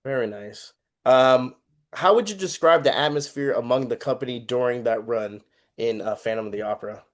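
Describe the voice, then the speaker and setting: A man's voice: mid-range voice, normal speed. A man hosting an interview, asking questions with encouraging enthusiasm. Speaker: interviewer, host.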